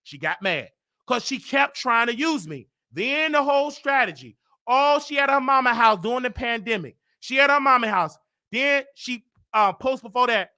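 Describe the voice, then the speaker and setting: A man with a very high, piercing voice tells gossip casually as a show host. He is animated and emphatic, repeats his words for effect, and the tone stays bright and sharp throughout. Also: normal speed.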